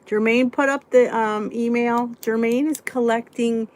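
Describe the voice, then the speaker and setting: A woman's voice: fairly high pitch, fairly even intonation, unhurried. A middle-aged woman hosting a casual weight-loss live stream, chatting and answering viewers' comments as she goes. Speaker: weight-loss vlog host reading live chat.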